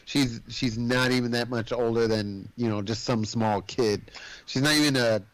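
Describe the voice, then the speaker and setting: A man co-hosting a podcast, casually retelling a film's plot in a rambling, animated way, full of filler words. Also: mid-range voice, moderate pace, rough recording. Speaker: podcast co-host. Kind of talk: casual movie recap chat.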